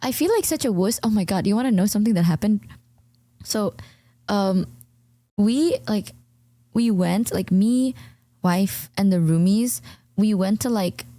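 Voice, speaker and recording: A young woman streamer chats casually and rambles through an animated story, her pitch leaping high in the punchlines. Her voice is mellow and dark in tone, recorded dry and close. English is not her first language. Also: no room sound. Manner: rambling, animated, full of fillers, jumps high when telling stories.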